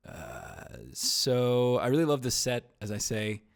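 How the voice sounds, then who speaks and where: A man's voice: mid-range voice, animated, measured pace. A man hosting a casual film podcast, talking in a rambling, wry way that often trails off into a mumble. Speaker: podcast host.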